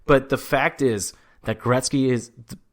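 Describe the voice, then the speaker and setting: A man's voice: medium pitch, fairly even intonation, measured pace. A man co-hosting a podcast, telling a story in casual chat with a loose, swearing manner. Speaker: podcast co-host.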